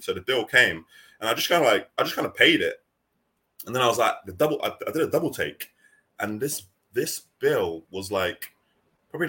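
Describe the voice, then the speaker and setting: A man's voice: fairly low pitch, sharp tone. A man in casual chat, earnestly telling a story with many repeated restarts.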